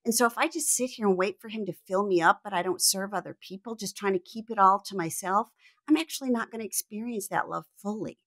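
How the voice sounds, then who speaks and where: A woman speaks in a faith-centered podcast conversation, earnest and reflective, with a gravelly, creaky texture under a mid-range voice. She quotes scripture as she talks and comes across as a thoughtful coach sharing what she has learned. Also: mid-range voice, fast talker, a bit bright. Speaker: guest, business coach.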